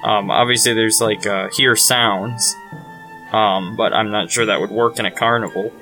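Thoughtful bright-voiced male player. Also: lowish voice, fairly even intonation, normal speed, faint music behind, poor audio. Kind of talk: tabletop game play.

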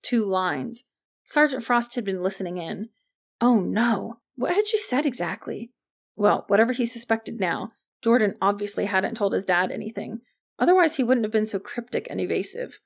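A woman reads an audiobook in an even, clear storytelling manner. Her voice has a noticeable gravelly fry, and her pitch sits in an ordinary middle range. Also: normal speed. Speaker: narrator. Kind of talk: audiobook narration.

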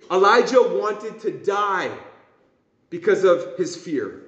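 High-voiced preaching man in echoey church. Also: takes it slowly. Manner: impassioned preaching, acting out whining voices. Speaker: pastor. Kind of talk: sermon. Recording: echoey room, dull lo-fi sound.

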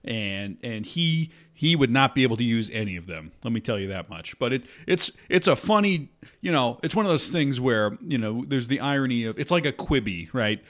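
A man's voice: mid-range voice, expressive, normal speed, hardly any pauses, fairly bright tone. A man co-hosting a comedy podcast, ranting in a sarcastic, mock-indignant way. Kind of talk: improvised comedy podcast banter.

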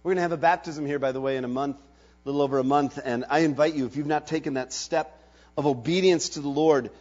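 A man preaching a sermon and telling a story dramatically, swinging between loud and hushed delivery. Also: fairly high pitch, fairly even intonation, fast. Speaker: pastor. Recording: dull lo-fi recording.

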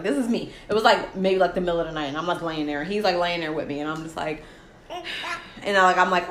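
A lowish, brisk female voice in a roomy room, with a little hiss or hum, belongs to a podcast guest in her thirties telling her love story. She chats casually and emotionally, laughing frequently and acting out what people said.

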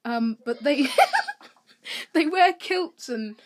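A woman's voice: high voice, animated, very slow. A young woman, co-hosting a casual podcast chat, rambling and laughing at herself. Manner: giggly, rambling, self-deprecating. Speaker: podcast co-host.

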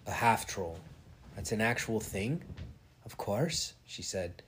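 A man's voice: lowish voice, fairly even intonation, a little slow, a little hiss or hum. A man reading a novel aloud in a casual way, giving the characters light voices. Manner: reads with light character voices and stops to chat. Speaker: reader.

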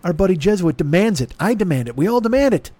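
A man with a fairly high voice rambles through a podcast plug, swearing freely and mocking himself as he talks in circles. His voice is close and dry on the microphone. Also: big pitch swings, quick pace, mellow, no room sound. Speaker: podcast host. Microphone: studio microphone.

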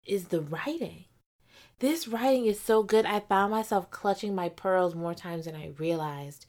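A woman giving a casual book review vlog, gushing and animated, dropping to whispers for emphasis. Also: fairly low pitch.

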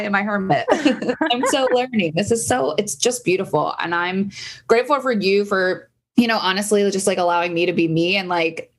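A woman's voice: medium pitch, moderate pace, low-quality recording. A woman who is a podcast guest, chatting casually in a bubbly, emotional way with frequent laughter. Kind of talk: casual chat.

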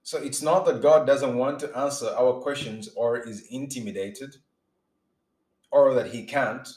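A man delivers an informal sermon in an earnest, emphatic way, often restarting sentences and acting out his examples. His voice sits in a middle pitch. The recording carries a roomy echo. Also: measured pace, darkish tone. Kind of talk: informal preaching monologue.

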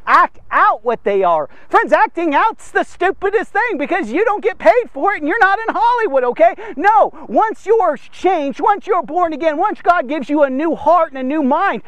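A fervent male preacher with a very high-pitched voice delivers a devotional sermon straight to his listeners. His speech is emphatic and urging. The sound is close and dry, with no room around it. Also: animated, moderate pace, hardly any pauses, fairly bright tone, no room sound. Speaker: preacher and podcast host.

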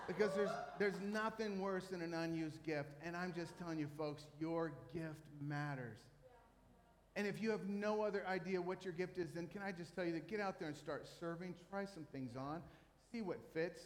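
A man preaching a sermon as pastor, telling a story with animated, self-mocking humor on a church stage. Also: a little high, moderate pace. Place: church stage in a large hall. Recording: long reverb of a hall.

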